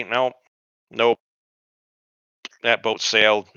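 A man's voice: medium pitch, measured pace, clean tone, no room sound, dull audio. A man co-hosting a podcast, bluntly retelling and mocking scenes from a TV show with lots of swearing. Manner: blunt, profane, animated retelling. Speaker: podcast co-host. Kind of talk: profane casual chat about a TV show.

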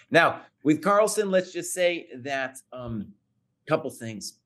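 Animated, emphatic man co-hosting. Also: a little high, slow pace. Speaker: podcast co-host. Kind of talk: casual chat.

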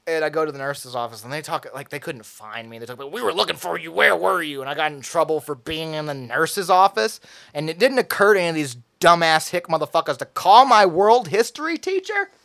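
A man's voice: on the high side, lively intonation, a little fast, fairly bright tone. A young man from Tennessee, telling a story in casual chat, profane and acting out quotes with laughs.

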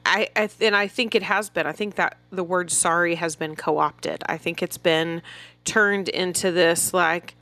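A woman's voice: lowish voice, fairly even intonation, sharp tone, dry recording. A woman co-hosting a parenting podcast, chatting candidly about her own habits. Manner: candid, chatty, quick to laugh along. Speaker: podcast co-host. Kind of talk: casual podcast discussion.

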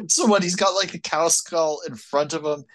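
A man's voice: on the high side, unhurried, a bit bright, dry recording. A man co-hosting a podcast who answers in casual film chat with dry, wry interjections and frequent laughter. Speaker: podcast co-host.

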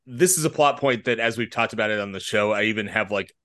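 Man, podcast co-host, casual chat, hesitant, rambling, lowish voice, bright sharp tone. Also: fast. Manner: hesitant and rambling, many fillers and restarts.

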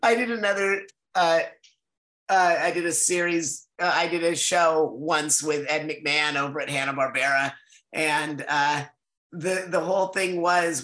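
A man guest-starring in a casual interview, telling animated stories and laughing often. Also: sits high, poor audio. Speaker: voice actor guest.

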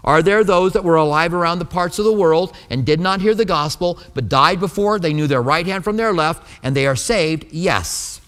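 A man delivers a sermon from the pulpit, slipping into conversational stories and voicing the people in them. His voice sits fairly high for a man. The sound carries the long reverb of a large church hall. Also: normal speed, few pauses, a bit bright. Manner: conversational storytelling, acting out quoted dialogue. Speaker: pastor. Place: church sanctuary.

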